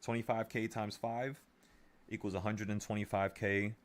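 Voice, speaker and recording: A young man with a lowish voice talks straight to his viewers about trading money. He runs through the numbers out loud, blunt and pumped up, in casual everyday speech. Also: little pitch movement, moderate pace. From New York. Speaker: trading vlogger.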